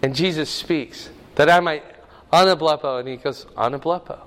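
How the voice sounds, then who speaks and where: A man's voice: fairly high pitch, normal speed, fairly bright tone, long reverb tail. A man preaching a sermon, teaching the meaning of Greek words with rising emphasis. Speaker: pastor.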